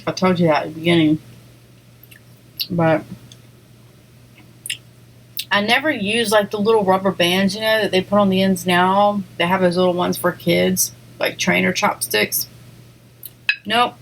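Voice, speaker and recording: A woman's voice: lowish voice, fairly even intonation, normal speed, pauses often, slight background noise, low-quality recording. A woman vlogger chatting casually while she eats on camera, rambling between bites with little eating sounds. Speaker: mukbang vlogger. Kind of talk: casual eating vlog chat.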